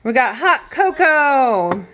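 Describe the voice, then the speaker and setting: A woman's voice: sits high, big pitch swings, takes it slowly, a crowd in the background. A woman in her thirties chatting casually to viewers as she walks through her home kitchen, laughing often. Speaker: vlogger giving a kitchen pantry tour. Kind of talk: casual home vlog chat.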